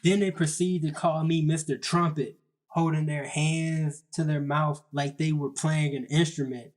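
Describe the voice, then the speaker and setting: Young male storyteller, slightly raised pitch, casual slangy self-deprecating comic narration. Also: little pitch movement, measured pace.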